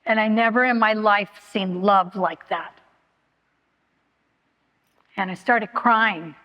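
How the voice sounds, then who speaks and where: A woman tells her own story at a recovery meeting, frank and halting, often restarting her sentences and filling pauses. Her voice sits at a middle pitch. It carries a long reverb from a large meeting hall. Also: highs cut off. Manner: candid, halting, many fillers and restarts. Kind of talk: personal testimony.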